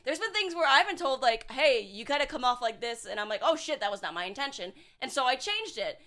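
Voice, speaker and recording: A woman's voice: high-pitched, animated, a little fast, fairly bright tone. A young woman streaming as a VTuber, chatting casually and bluntly with her chat, swearing and sarcastic, full of filler words.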